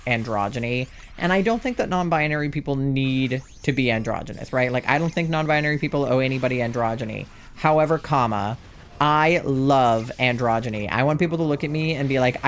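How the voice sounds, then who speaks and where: Rambling transmasc streamer, mid-pitched voice. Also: male voice, normal speed, a little hiss or hum. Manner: rambling, full of "like" and restarts, self-deprecating. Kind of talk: casual chat while gaming on a live stream.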